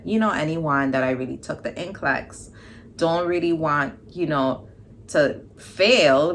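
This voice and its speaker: A woman's voice: low voice, a little hiss or hum. A young woman vlogger telling a personal story in a casual storytime style, acting out the dialogue. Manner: animated storytelling, acts out quoted dialogue.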